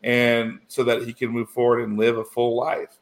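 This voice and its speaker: A man's voice: mid-range voice, completely flat delivery, normal speed. A man recapping a TV episode in casual chat, rambling with many restarts and fillers, getting emotional. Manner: rambling, full of "you know" and restarts, emotional.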